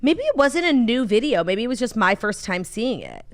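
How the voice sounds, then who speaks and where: With a slightly high voice and a moderate pace, a young woman co-hosts a podcast full of casual, gossipy storytelling. She tells her stories animatedly, using "like" again and again.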